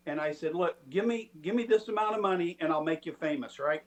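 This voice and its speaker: A man with a high voice tells a story in a loose, chatty way. He puts on the voices of the people he quotes. He sounds middle-aged. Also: a little fast. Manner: animated, acts out quoted people. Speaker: storytelling guest. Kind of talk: casual storytelling.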